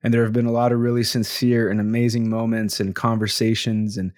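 A man's voice: mid-range voice, little pitch movement, brisk, darkish tone, dry recording, clean studio sound. Upbeat chatty man hosting a podcast. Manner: upbeat, thankful, chatty with frequent fillers. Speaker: podcast host. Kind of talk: casual podcast monologue.

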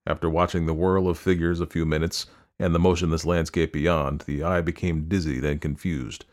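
A man narrating a story aloud, reading in a measured, descriptive way. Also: extremely low pitch, little pitch movement.

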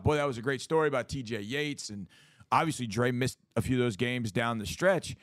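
A middle-aged man co-hosting a sports talk show, making his case in a lively, casual way, often acting out what others would say. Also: mid-range voice, a little fast, no room sound. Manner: animated, acts out quoted voices, repeats words.

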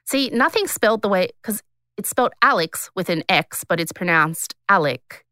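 A woman's voice: mid-range voice, lively intonation, moderate pace, fairly bright tone, dry recording, clean studio sound. An Australian woman in her thirties hosting a podcast, telling a true-crime story in a chatty, rambling way with lots of filler words. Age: 30s. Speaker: podcast host. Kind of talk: casual storytelling chat.

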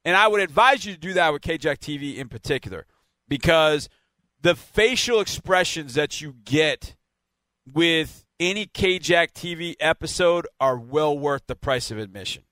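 A man's voice: fairly high pitch, animated, normal speed, pushed and bright, no echo. A man hosting a team podcast, wrapping up in a chatty, rambling way with laughs. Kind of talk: casual radio-style sign-off.

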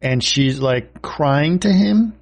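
A man's voice: on the high side, lively intonation, a little mellow. A man co-hosting a film podcast, speaking casually, often stumbling and repeating words as he cuts in. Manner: halting, repeats words when he jumps in.

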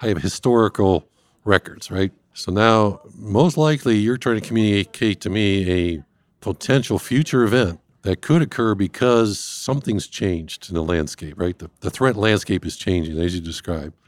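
Deep-voiced man explaining calmly. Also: dry recording. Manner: measured, explains step by step. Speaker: industrial cybersecurity guest expert. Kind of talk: explanatory interview talk.

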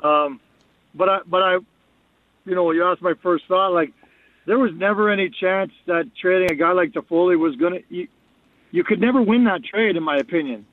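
Over a tinny phone line, a man with a high voice joins a sports radio show as a guest analyst, speaking at a moderate pace in a dry recording. His casual talk is frank, and he keeps repeating words as he begins again.

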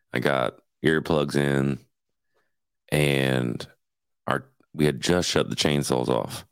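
A man's voice: very deep voice, clear, resonant tone, no room sound. A man hosting a podcast, chatting and telling a story in a laid-back way. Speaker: podcast host. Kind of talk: casual chat.

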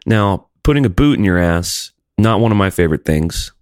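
A man with a very deep voice that swoops up and down with lively energy. He chats in a wry, sarcastic way and reads facts aloud with mock seriousness. The sound is dry and close to the mic. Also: normal speed, no echo. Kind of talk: casual comedic chat.

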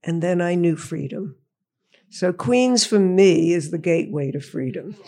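A woman's voice: on the low side, measured pace, dark tone. An older woman from Long Island, an author telling a wry, reflective story before reading from her book. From Long Island, New York. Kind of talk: relaxed talk before a reading. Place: bookstore reading event.

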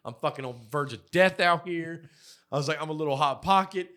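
Fairly high-pitched and fairly quick, a podcast co-host shares crude, profanity-laced work stories. He acts out whoever he's quoting, loudly.

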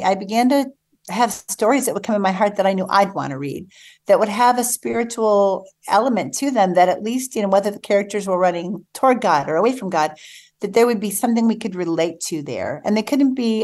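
An enthusiastic woman speaks as a guest on a morning radio show. She talks about her writing in a warm, lively way and laughs often. Her voice sits at a middle pitch. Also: fairly quick. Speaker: guest novelist. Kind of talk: casual radio interview chat.

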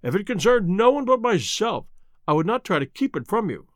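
A man's voice: high voice, big pitch swings, a little fast, no room sound, studio quality, voice pushed up. A man voicing a stammering frightened butler. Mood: pleading. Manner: stammering, pleading. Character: nervous, cornered middle-aged male butler.

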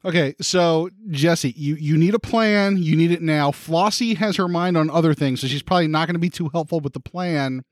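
A man's voice: a little high, normal speed, few pauses, no room sound, studio quality. A man narrating as game master of a tabletop game, often restarting his sentences.

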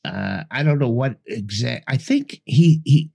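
A man's voice: mid-range voice, lively intonation, measured pace, gravelly, mellow, husky. A man co-hosting a podcast, dryly recapping the plot of a bad old movie. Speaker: podcast co-host.

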